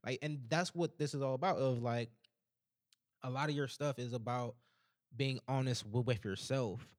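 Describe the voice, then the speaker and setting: A man's voice: medium pitch, normal speed. A man leads a loose conversation as host, his voice sitting in an ordinary middle register. He talks his way toward each idea, doubling back and repeating words as he goes. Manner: rambling, repeats words while building thoughts. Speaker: podcast host. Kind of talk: casual chat.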